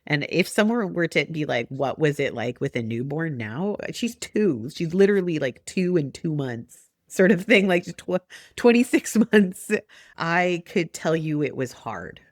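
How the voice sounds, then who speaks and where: A woman's voice: sits low, measured pace, no room sound, clean studio sound. A woman in her forties, a podcast guest chatting casually and acting out remembered conversations. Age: 40s. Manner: animated, acts out remembered talk with laughs.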